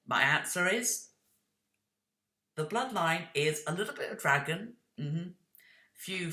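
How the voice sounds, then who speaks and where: Recorded with a roomy sound, a pushed, bright mid-range voice talks to camera. A video creator rambles casually while explaining, catching their own mistakes and getting snappy and defensive toward imaginary critics.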